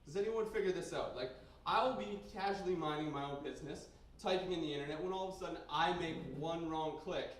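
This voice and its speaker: A young man from Canada doing a crude, rambling stand-up set in a basement bar, with sudden loud outbursts. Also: fairly high pitch, quick pace, hardly any pauses, slight background noise. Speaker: stand-up comedian. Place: basement bar comedy night. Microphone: handheld stage mic recorded by a camera in the room. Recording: very echoey basement room, heard from a distance.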